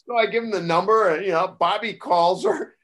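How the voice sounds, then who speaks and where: Older guy with a high voice telling wrestling stories, lively, does the voices when he quotes people. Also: a little fast. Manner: animated, acts out quoted voices with rising pitch and loudness. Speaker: guest storyteller, former wrestling broadcaster. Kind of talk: casual anecdotal storytelling.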